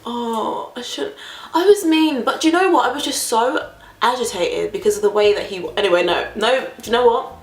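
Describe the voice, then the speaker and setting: A woman vlogger telling a casual story, dramatic and animated, acting out quoted voices. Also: fairly high pitch, quick pace, roomy sound, a little hiss or hum.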